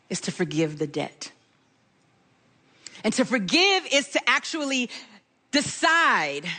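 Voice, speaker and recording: Middle-aged woman preaching, high bright voice, animated storyteller. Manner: animated, acts out quoted voices in her story. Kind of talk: sermon with personal storytelling.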